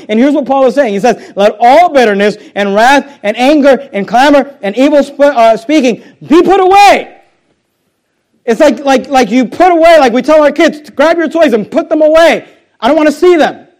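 With a very high-pitched voice, a pastor gives an impassioned sermon, shifting between loud, ascending declarations and quiet, intense moments and repeating phrases for emphasis.

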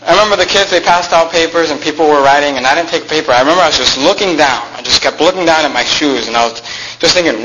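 A man telling a personal story aloud in a reflective, halting way, often restarting his phrases and slowing down at the heavy moments. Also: on the high side, sharp tone, slight background noise, low-quality recording.

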